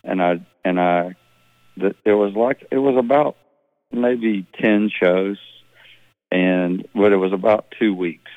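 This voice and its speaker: Male musician on a tinny phone line, low voice, rambling storyteller. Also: slow pace, no room sound. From Mississippi. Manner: rambling, relaxed, with many restarts. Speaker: musician guest. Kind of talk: phone interview, casual storytelling.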